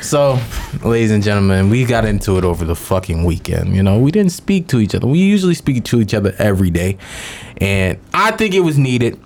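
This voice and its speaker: A man's voice: on the low side, very animated, a little fast, a little mellow, a little hiss or hum. A young man co-hosting a podcast in casual, profane, joking banter. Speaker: podcast co-host.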